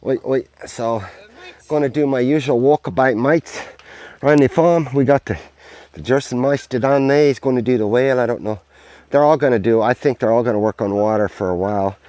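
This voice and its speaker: A man's voice: medium pitch, fairly quick, warm tone, no echo. A man walking his farm outdoors, rambling in an upbeat, sweary, casual vlog to a handheld camera. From United States. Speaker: vlogger, farm owner.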